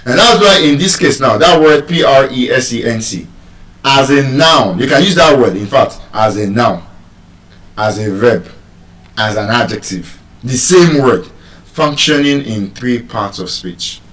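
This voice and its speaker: A man's voice: medium pitch, expressive, measured pace, a bit bright, echoey room, far from the mic, low-quality recording. A Nigerian man teaching English word stress to a live audience, teasing them and asking questions.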